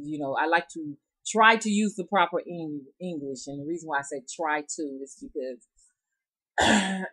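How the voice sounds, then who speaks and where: A woman's voice: on the low side, fairly bright tone, low-quality recording. A woman from the American South with a Southern drawl, telling folk tales in a rambling, chatty way straight to her viewers. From Southern United States. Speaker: rootworker storyteller. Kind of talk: casual storytelling vlog.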